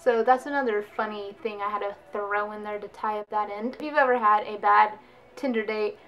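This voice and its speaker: A woman's voice: medium pitch, fairly even intonation, brisk, lo-fi sound. A young woman vlogger telling a story in a casual, chatty way, laughing often. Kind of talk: storytime vlog.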